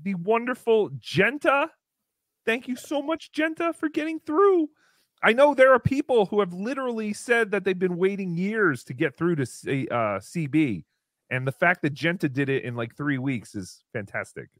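A podcast host with a lively, swooping voice, gushing as they chat casually. The sound is close and dry. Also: medium pitch, moderate pace, no echo.

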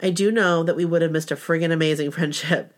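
A woman's voice: deep voice, steady tone, fast. A middle-aged woman, a podcast co-host, reading a sincere personal story about her best friend. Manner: sincere, heartfelt.

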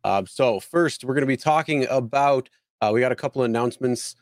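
A man's voice: mid-range voice, brisk, dry recording, clean studio sound. A man co-hosting a casual live show, talking loosely with lots of fillers and restarts. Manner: rambling, many fillers and restarts. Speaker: co-host.

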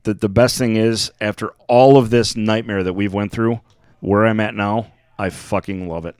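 A man's voice: on the low side, steady tone, moderate pace, a little mellow, clean tone, no echo, clean studio sound. A man in casual podcast chat, telling a profane story about a past job. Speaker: podcast co-host.

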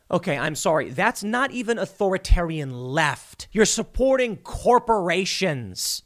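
Casting: male solo political commentator, argumentative and emphatic, voice a bit high. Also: a bit bright. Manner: emphatic, argumentative, reads out news quotes.

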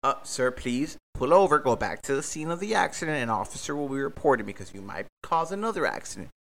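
A man voicing a calm female police dispatcher who gives polite, scripted instructions. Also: medium pitch, a little fast. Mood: firm.

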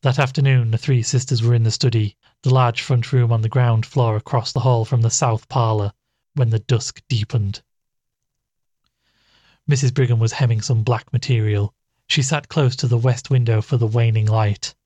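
A man narrating a classic ghost story in a measured storytelling manner. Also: mid-range voice, fairly even intonation, darkish tone, dry recording, muffled recording.

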